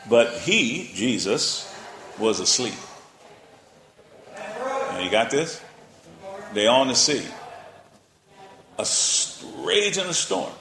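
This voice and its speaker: A man's voice: medium pitch, sing-song, extremely slow, long pauses, fairly bright tone. A male pastor preaching a sermon in a colloquial, playful way, often checking in with his listeners. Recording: roomy echo.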